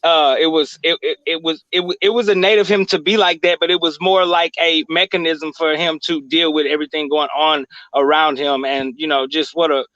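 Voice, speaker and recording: A man co-hosts a sports podcast and thinks out loud in long, rambling sentences that restart often. His voice is somewhat high, and it comes through dull and lo-fi with no room sound at all. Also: steady tone, a little fast, hardly any pauses, no room sound. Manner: rambling, many restarts and fillers. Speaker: podcast co-host. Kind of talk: casual chat.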